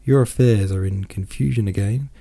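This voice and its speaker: A stern, icy consul cuts his brother short in clipped, reproachful words, voiced by a man reading a novel aloud. The voice is deep and dark with a gravelly texture. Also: normal speed. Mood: cold. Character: cold, stern male consul, older brother. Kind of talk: audiobook character voice.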